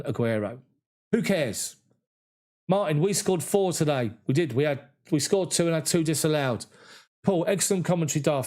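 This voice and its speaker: A man's voice: a little high, darkish tone. A man hosting a football fan live stream, reading viewer comments aloud and thanking them one by one. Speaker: football fan channel host. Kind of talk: live stream chat reading after a match.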